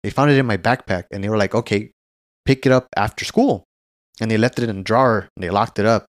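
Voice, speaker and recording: A man's voice: on the low side, quick pace, no echo, studio quality. A man co-hosting a casual podcast, telling a long childhood story with lots of swearing and acted-out quotes. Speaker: podcast co-host.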